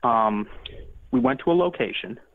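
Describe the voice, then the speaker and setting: A man's voice: mid-range voice, lively intonation, normal speed, vocal fry. A man as a paranormal investigator guest, talking casually and rambling, with many restarts and fillers. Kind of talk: casual interview talk. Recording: tinny phone-like line.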